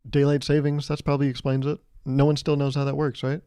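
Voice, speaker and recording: A man's voice: mid-range voice, monotone, fast talker, mellow, clean tone, no echo. A young man in his twenties hosting a solo comedic podcast, rambling sarcastically, swearing freely and acting out little scenes. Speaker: podcast host.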